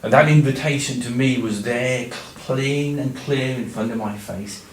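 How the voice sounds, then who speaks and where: A man telling a Bible story in the first person in a church, dramatic, swinging from loud cries to hushed tones. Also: medium pitch, takes it slowly, slight background noise. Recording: echoey church room, distant mic.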